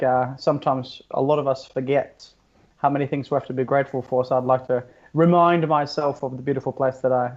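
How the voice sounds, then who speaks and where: A man's voice: mid-range voice, a little mellow, highs cut off. A man from Norway, a guest on an interview podcast, talking in an upbeat, effusive way. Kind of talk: conversational interview.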